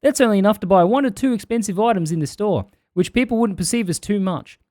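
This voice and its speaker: This is a put-on New Zealand accent that keeps sliding toward Australian, done by a man. The reading is earnest and steady as it works through a long list of complaints. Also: sits high, quick pace, no room sound, clean studio sound, close to an everyday voice. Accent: put-on New Zealand accent drifting toward Australian.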